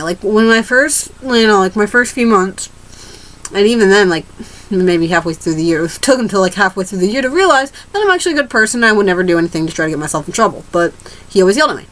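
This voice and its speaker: A woman's voice: mid-range voice, animated, fast talker, a bit bright, poor audio. A teenage girl ranting to camera in a rambling, casual way, restarting her sentences and swearing freely. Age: teens. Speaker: vlogger.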